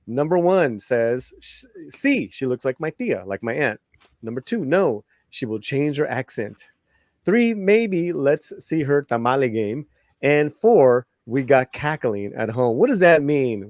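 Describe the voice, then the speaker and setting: A chatty man hosting a live-streamed talk show, often repeating himself and laughing easily. His voice sits at a middle pitch and sounds close and dry, with no room sound around it. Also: sing-song, unhurried, darkish tone, dry recording. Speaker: host.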